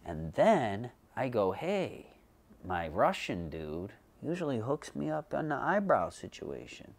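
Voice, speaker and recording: A man hosting a homemade comedy show, rambling profanely through jokey stories and putting on quick voices. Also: mid-range voice, sing-song, creaky. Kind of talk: comedic monologue. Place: bedroom.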